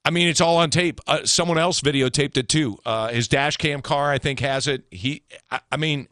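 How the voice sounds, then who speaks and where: A man's voice: fairly high pitch, moderate pace, a bit bright, no echo, studio quality. A man hosting a talk radio show, giving blunt, opinionated commentary.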